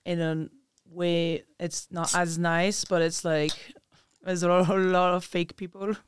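A French woman speaking English with a clear French accent, her voice low-pitched and smooth. She chats casually and loosely, pausing to hunt for words and laughing easily. The sound is close and dry. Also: flat delivery, no room sound. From France. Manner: laid-back, searching for words, laughs often. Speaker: guest musician. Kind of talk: casual podcast chat.

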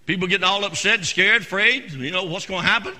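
A male senior pastor preaching a fervent sermon in a church, calling on the congregation to answer, filling gaps with "uh" and swinging from shouts to quiet asides. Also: fast. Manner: frequent "uh" fillers and restarts, swings from shouting to low asides. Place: church sanctuary. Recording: long hall reverb in a church.

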